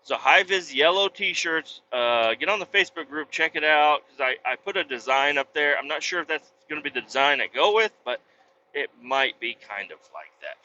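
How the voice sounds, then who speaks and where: A man with a bright, forceful, slightly high voice talks casually from the cab of his truck. He rambles bluntly and swears freely. The audio is dull and lo-fi, with faint road ambience behind him. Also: lively intonation, normal speed, slight background noise. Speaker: trucker vlogger. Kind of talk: casual chat while driving.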